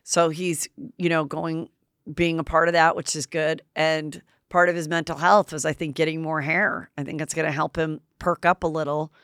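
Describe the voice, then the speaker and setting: Female host with a low voice; casual, filler-heavy gossip, blunt and profane. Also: flat delivery, moderate pace, fairly bright tone, clean tone, no echo, studio quality. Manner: chatty, filler-heavy, blunt, swears freely.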